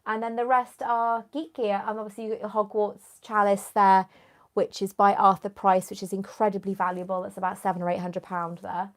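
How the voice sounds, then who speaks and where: A woman's voice: medium pitch, level tone, brisk. A young woman, chatting casually on a live stream, rambling and answering viewers by name, with a runny nose. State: runny nose, clearing her throat. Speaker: YouTuber hosting a live stream.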